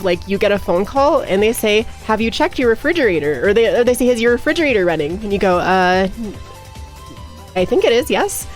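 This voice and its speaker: A young woman streamer in casual live chat, giggly and rambling, slipping into baby talk with her cat. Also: fairly high pitch. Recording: faint music underneath.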